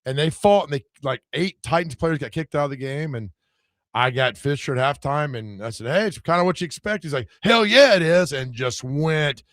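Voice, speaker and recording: A man co-hosting a sports radio show, hoarse from screaming, telling animated, self-mocking stories. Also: mid-range voice, a little fast, dry recording, studio quality. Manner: animated storyteller, laughs at himself. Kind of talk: casual sports radio banter.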